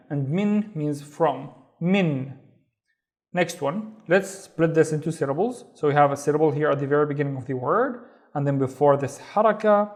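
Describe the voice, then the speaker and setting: A male teacher with a somewhat high voice walks beginners through a reading lesson. He speaks slowly and patiently, sounding out each syllable and repeating every word several times. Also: a little mellow. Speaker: language teacher.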